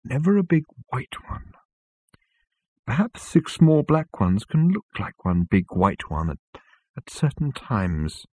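A man voicing a gentle, vague hermit who muses softly and answers questions with more questions. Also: mid-range voice, huge pitch swings, slow, husky, dry recording, pitched above the performer's own voice, heavily acted. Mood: musing. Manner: mild, musing, softly questioning.

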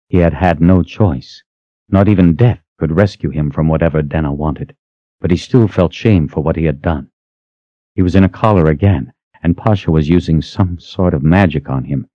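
A man narrating an audiobook in a measured, even storytelling manner, close to the mic. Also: very deep voice, no room sound, lo-fi sound. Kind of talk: scripted narration.

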